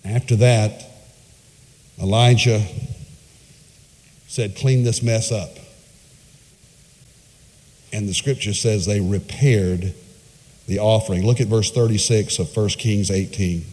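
A male preacher delivering a sermon, retelling a story with emphatic phrasing and dramatic pauses. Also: lowish voice, steady tone, a little mellow. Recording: long hall reverb.

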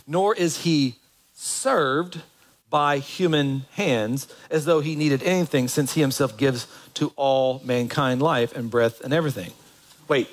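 A man's voice: fairly high pitch, poor audio. Conversational man preaching a sermon. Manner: conversational, asks the congregation questions. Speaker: pastor.

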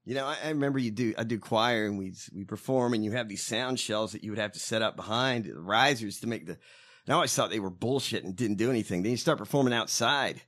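A man co-hosting a podcast, trading profane political banter, loud and swearing, swinging from shouts to mutters. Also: fairly low pitch, quick pace. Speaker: podcast co-host.

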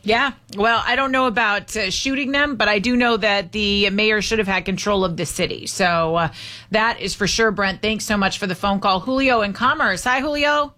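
A woman hosting a talk radio show, upbeat and brisk as she takes calls and reads news items. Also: medium pitch, bright, forceful tone.

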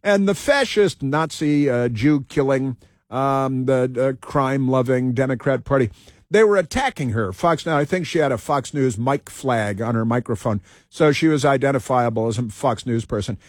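A man's voice: mid-range voice, expressive, moderate pace, no room sound, studio quality. Combative man hosting talk radio. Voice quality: sarcastic, combative. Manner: reads off a list with frequent uh fillers.

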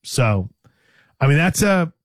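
Chatty man with a slightly high voice. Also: big pitch swings, slow, no room sound, studio quality. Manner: chatty, teasing, many restarts. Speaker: sports radio host. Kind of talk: casual sports talk.

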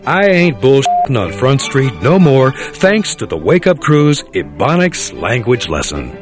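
Stiff, overly polite young man voiced by a man, very lively pitch, music underneath. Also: measured pace. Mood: boastful. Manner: stiff, overly polite, then repeating slang. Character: prim stuck-up young man learning slang.

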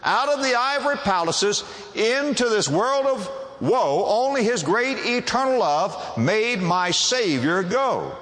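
A man preaching a sermon to a congregation, emphatic and quick to ask them rhetorical questions. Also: high voice, big pitch swings, a bit bright, in a large hall.

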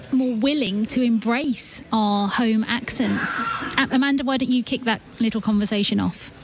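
Brisk higher-voiced woman radio host. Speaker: radio presenter. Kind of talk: hosting a radio discussion.

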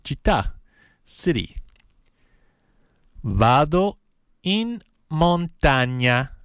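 A man teaching Italian phrases, saying each one slowly and repeating it. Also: mid-range voice, smooth, no echo, studio quality. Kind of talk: slow, repeated language lesson.

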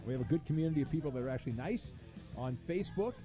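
Male sports radio host, slightly high and mellow, sarcastic and jokey, with a soft music bed under him. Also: lively intonation, very fast. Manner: sarcastic, jokey, rambling asides. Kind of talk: sports radio talk reading listener messages.

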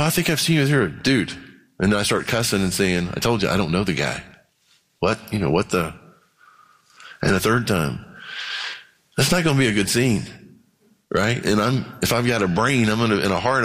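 A pastor preaching a sermon in a conversational way, often growing impassioned. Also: male voice, lowish voice, a bit bright. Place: church. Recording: long reverb of a church hall.

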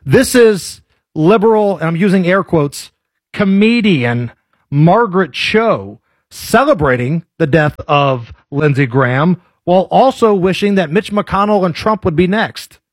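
Male talk host, blunt and opinionated, high-ish husky voice, dry close sound. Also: animated, unhurried, no room sound. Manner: blunt, conversational. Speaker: political talk show host. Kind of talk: opinionated commentary.

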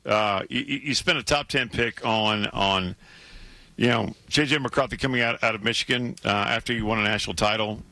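A man's voice: lowish voice, normal speed, pushed and bright, no room sound. A man co-hosting a sports radio show, losing his voice, emphatic and repeating words as he argues his point.

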